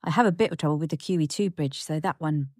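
Older woman, lowish voice, dry close sound, teasing wry chat with her husband. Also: fast talker, darkish tone, no echo. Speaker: podcast co-host. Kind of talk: casual chat.

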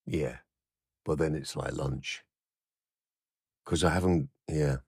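This is an older Englishman with a very low, deep voice, chatting casually as co-host. He talks haltingly, restarting his sentences and filling pauses. The sound is dry and close, with no room around it. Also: fairly even intonation, creaky, husky, no room sound. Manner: halting, with frequent restarts and fillers. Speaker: podcast co-host. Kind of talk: casual chat.

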